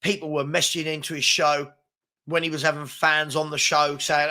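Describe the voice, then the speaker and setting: A man's voice: on the high side, flat delivery, moderate pace, bright, forceful tone. A man hosting a casual live-stream chat, frustrated and rambling, reading out viewer comments as he talks. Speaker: host.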